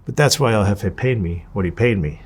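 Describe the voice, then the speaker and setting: Low-voiced man telling a wild story. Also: fairly quick, a little hiss or hum. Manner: profane, animated, acts out quotes. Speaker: interviewee. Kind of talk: candid storytelling.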